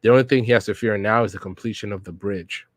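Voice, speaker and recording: A man casually reading a manga aloud for a reaction podcast, narrating scenes in slangy, relaxed speech and reading character lines without much change in voice. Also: lowish voice, fast talker, no echo, clean studio sound. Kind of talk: casual read-along reaction.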